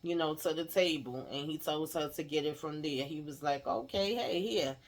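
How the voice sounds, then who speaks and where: A woman's voice: deep voice, fairly even intonation, normal speed. Chatty woman recapping a TV episode. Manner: chatty, laughs often, acts out quotes. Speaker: TV recap host.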